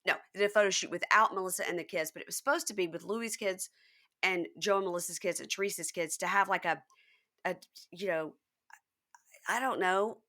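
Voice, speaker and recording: A woman hosts a casual podcast chat, her voice lower in pitch yet bright and forward. She recaps reality TV moments with an animated, storytelling energy. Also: fairly quick. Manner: animated recapping, acting out quotes. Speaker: podcast host.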